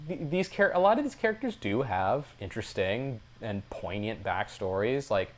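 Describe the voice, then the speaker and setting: A man's voice: lowish voice, very animated, moderate pace. A man co-hosting a podcast, rambling casually with lots of fillers and a wry tone. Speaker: podcast co-host. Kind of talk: casual chat reviewing a TV series.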